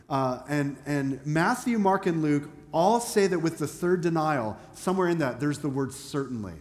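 A man's voice: fairly high pitch, animated, moderate pace, hardly any pauses. A man preaching a sermon as a pastor, talking conversationally and asking the congregation questions. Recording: echoey hall with long reverb.

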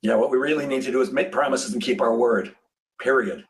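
A man's voice: medium pitch, a little fast, recorded from a distance. A man hosting an interview in casual chat, telling stories animatedly and acting out what people said. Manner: animated storyteller who acts out quoted dialogue, with frequent restarts. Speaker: podcast host.

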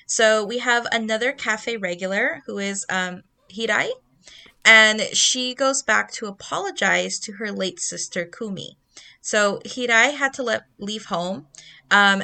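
A young woman co-hosts a book podcast and tells her reactions in a chatty, animated way. Her voice is bright and forward, and she uses plenty of casual fillers. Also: mid-range voice, gravelly.

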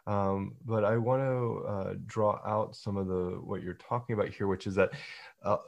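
A man hosting an interview, speaking in a measured way and pausing with fillers. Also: lowish voice, steady tone, vocal fry, dull audio. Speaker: interviewer, podcast host.

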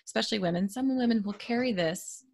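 A woman's voice: a little high, fast talker, creaky, a little mellow. A woman in casual conversation, speaking in a supportive, affirming way.

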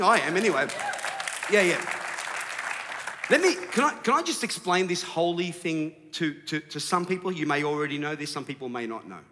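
A male pastor preaching a sermon, animated and rising to shouts for emphasis. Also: fairly high pitch, long reverb tail, background noise.

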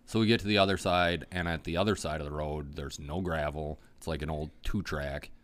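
A man casually telling a hunting story on a podcast, swearing freely and talking with lively energy. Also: rumbling low, normal speed.

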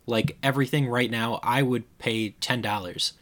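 Midwestern guy on a game podcast, mid voice, teasing, quick pushy questions. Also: medium pitch, steady tone, fairly bright tone. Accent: Midwestern American. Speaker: podcast co-host. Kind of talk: casual gaming podcast chat.

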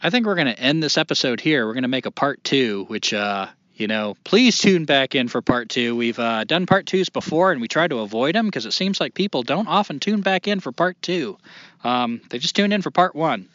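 A man's voice: mid-range voice, lively intonation, a little fast, a bit bright, no room sound, highs cut off. A man hosting a casual podcast, talking loosely, swearing and poking fun at himself. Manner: loose, swearing, self-deprecating. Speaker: podcast host.

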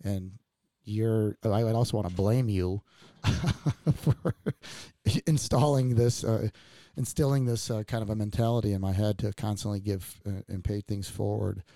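A man's voice: lowish voice, steady tone, a little slow, warm tone, no room sound. A man hosting a podcast, telling family stories in a rambling, laughing way with many fillers. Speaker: podcast host. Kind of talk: casual heartfelt chat.

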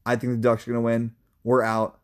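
A young man co-hosts a college football podcast and sounds like he is talking through his picks. His voice sits at an everyday middle pitch. His delivery is emphatic and opinionated, casual, with the odd curse thrown in. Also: completely flat delivery, fairly quick. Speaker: sports podcast co-host.

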